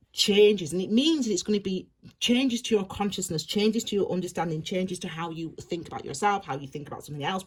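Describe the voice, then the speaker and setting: A woman with a lowish voice and a breathy, husky edge giving an intuitive tarot reading. She thinks out loud, circles back and restarts her sentences often, in a reflective, unhurried manner. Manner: rambling, reflective, many restarts. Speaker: tarot reader.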